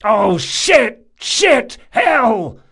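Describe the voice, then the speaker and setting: A man's voice: a little high, very animated, a little slow, pitched above the performer's own voice. A man voicing a brash, profane male thief in an audiobook, speaking with urgent emphasis. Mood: panicked.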